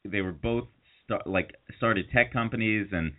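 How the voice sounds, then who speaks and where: On tinny, phone-like audio, a podcast co-host with a fairly low voice tells a lengthy story at a measured pace. His casual chat is full of fillers and restarts, and he pokes fun at the people he's describing.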